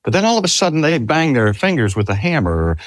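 A man's voice: a little high, very animated, fast talker, no room sound. An older man preaching a sermon. He speaks earnestly, drags out key phrases for emphasis and asks the listeners rhetorical questions. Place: talk at a cancer hospital.

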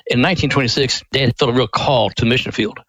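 An older man being interviewed as a ministry guest, telling a story in a folksy, animated way. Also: mid-range voice, fast talker, breathy edge, no room sound, low-quality recording.

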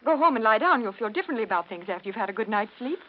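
A gentle woman doctor and mother pleads softly in a fairly high voice. The 1940s radio recording sounds dull. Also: expressive, rapid-fire. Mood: pleading. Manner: soft, pleading.

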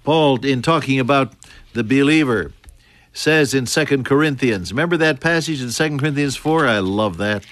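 An older man preaching a sermon in an earnest storytelling manner, climbing high for emphasis and sinking to soft whispers. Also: moderate pace, no room sound. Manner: earnest storytelling, pitch rising sharply on emphasis and dropping to near whispers.

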